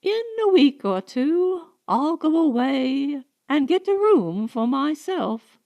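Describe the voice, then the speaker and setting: A woman's voice: high voice, sing-song, slow, dark tone, pitched above the performer's own voice, full character voice. A woman reading aloud, voicing a tired, stern older mother-in-law in a raised, strained voice. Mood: weary.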